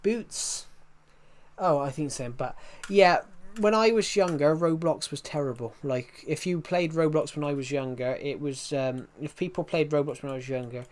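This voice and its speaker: A man's voice: fairly high pitch, normal speed, hardly any pauses. A man chatting casually while streaming a game, rambling and answering viewers' questions as he plays. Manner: rambling, restarts sentences, answers chat questions. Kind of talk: casual live-stream chat while playing.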